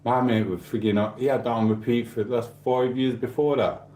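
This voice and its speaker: A man's voice: mid-range voice, steady tone, a little fast, a little mellow, reverberant. A man hosting a stream, rambling in casual chat with swearing and asides to viewers. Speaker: livestream host.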